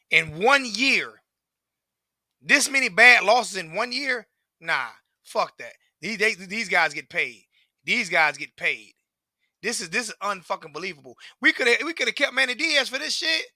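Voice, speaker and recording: A man's voice: extremely high pitch, sharp tone, no echo, studio quality. A man, ranting profanely and repetitively as a sports fan commentator. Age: 40s.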